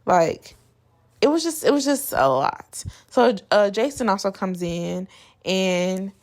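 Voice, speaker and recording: A woman's voice: medium pitch, expressive, takes it slowly, darkish tone. A woman vlogger giving a casual, opinionated recap of a reality show, chatty and blunt with plenty of slang.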